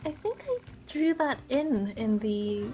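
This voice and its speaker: A woman's voice: a little high, very animated, slow pace, warm tone, soft background music. A woman co-hosting a casual game stream, reacting with short remarks and follow-up questions. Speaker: let's play co-host. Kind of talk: casual gameplay commentary.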